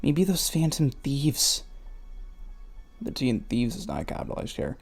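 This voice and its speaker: Brief: unhurried, mellow-voiced reader roasting a fan fiction, sarcastic and crude, faint music underneath. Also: mid-range voice, sing-song, vocal fry, slightly rough. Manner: sarcastic, swears, laughs at the text. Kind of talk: mocking read-aloud commentary.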